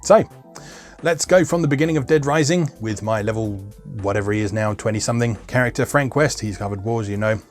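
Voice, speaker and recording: A man's voice: medium pitch, a little fast, faint music behind. A man giving casual, wry gameplay commentary as host of a retro game video, chatty with plenty of fillers.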